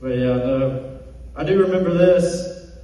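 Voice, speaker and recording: A man's voice: fairly high pitch, a little slow, warm tone. A man doing a stand-up comedy set on stage, telling self-deprecating jokes and acting out quotes. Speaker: stand-up comic. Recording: distant echoey hall recording.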